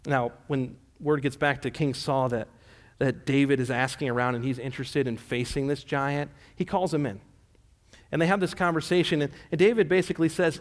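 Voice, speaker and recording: A man's voice: mid-range voice, steady tone, normal speed. A male pastor giving a sermon, retelling a scripture story in a casual, conversational way. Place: church sanctuary. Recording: echoey church hall.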